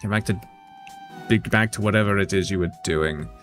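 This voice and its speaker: A man voicing an ambitious, power-hungry male agent boss in a tabletop game, smooth, persuasive and commanding. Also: sits low, normal speed, fairly bright tone, soft background music, pitched below the performer's own voice.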